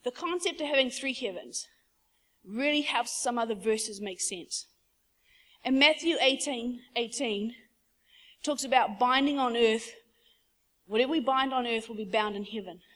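A woman preaches with fervent conviction, her voice sitting a touch high. She tells her story casually and conversationally, like chatting with the congregation. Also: measured pace, long pauses, fairly bright tone. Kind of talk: sermon.

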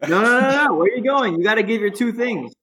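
A man's voice: high voice, expressive, fast talker, sharp tone. A man co-hosting a sports podcast, teasing and pushing the others along. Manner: teasing, pushy. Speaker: podcast co-host steering the segment. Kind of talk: casual sports chat.

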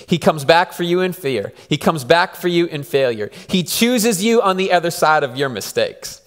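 A man's voice: high voice, expressive, normal speed, hardly any pauses. A man in his thirties, a pastor, preaching a conversational sermon with repeated phrases. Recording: long hall reverb.

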